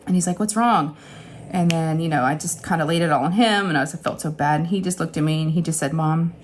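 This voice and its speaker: A woman's voice: low voice, steady tone, racing, a little hiss or hum. A woman in her forties, a craft channel host, telling a candid personal story in a rambling, emotional way from her home craft room.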